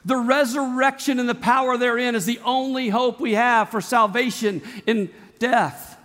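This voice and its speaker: High-voiced preaching man in a hall. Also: fairly even intonation, moderate pace, fairly bright tone. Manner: emphatic preaching with repetition and rhetorical questions. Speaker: pastor. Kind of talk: sermon. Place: church sanctuary.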